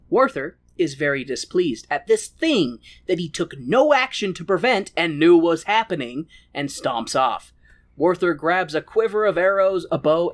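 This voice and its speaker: Animated, joking podcast co-host. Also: mid-range voice. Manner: crude, joking, animated storytelling. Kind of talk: casual comedic film recap.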